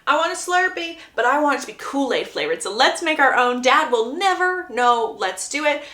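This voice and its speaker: A woman's voice: sits high, animated, normal speed, sharp tone, pitched above the performer's own voice. A woman voicing a mischievous, eager boy, in a roomy echo. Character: mischievous boy, then panicked.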